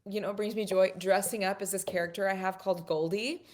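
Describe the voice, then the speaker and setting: A woman, a guest, chatting in a bubbly, quick way in a casual faith talk. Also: medium pitch, steady tone, darkish tone.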